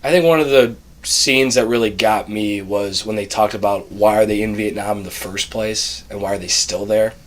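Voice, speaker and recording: A man's voice: fairly low pitch, slight background noise. Talkative young man co-hosting a podcast. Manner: talkative, quick restarts, explains at length. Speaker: podcast co-host. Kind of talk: casual chat.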